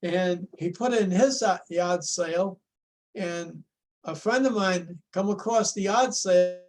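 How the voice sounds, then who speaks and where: An older man, his voice sitting high for a man, tells a folksy story full of restarts. He is heard over a video call. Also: unhurried. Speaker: show-and-tell presenter.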